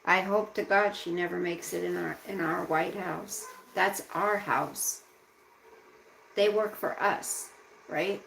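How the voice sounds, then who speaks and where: Gravelly-voiced woman ranting on a livestream. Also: fairly low pitch, fairly even intonation, takes it slowly, a bit bright, a little hiss or hum, low-quality recording. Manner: indignant ranting, slipping into baby talk with her pet. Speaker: livestream host. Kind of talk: casual live-stream chat.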